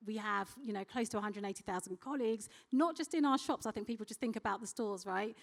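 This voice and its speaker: A woman speaking on a conference panel as a company executive, telling a personal story in an animated way and acting out quoted dialogue. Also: medium pitch, quick pace.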